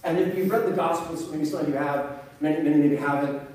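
A man's voice: a little high, fast. Man preaching in a very echoey hall. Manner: storytelling, animated and conversational. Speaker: pastor. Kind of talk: sermon. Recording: very echoey hall, mic at a distance.

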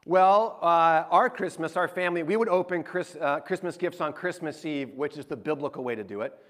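A man in his forties, a pastor, telling a chatty, animated story in a sermon and acting out the people in it. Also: fairly high pitch, brisk. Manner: animated, chatty storyteller who acts out quotes.

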